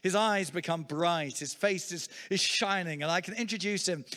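A man preaches with lively humor, his voice sitting a little on the high side. He is middle-aged and tells stories as part of his sermon. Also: normal speed, big-room sound. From England. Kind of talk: sermon with storytelling.

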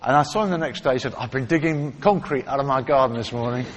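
A man's voice: mid-range voice, fast talker, muffled recording. A man preaching, telling healing stories in a conversational way and acting out the people he quotes. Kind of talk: sermon with testimony stories. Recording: reverberant hall with faint ambience.

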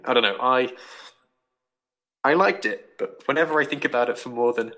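A young man casually talking through a book on a podcast, rambling and animated, acting out quoted thoughts. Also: medium pitch, normal speed, long pauses, poor audio. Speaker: podcast host reviewing a book.

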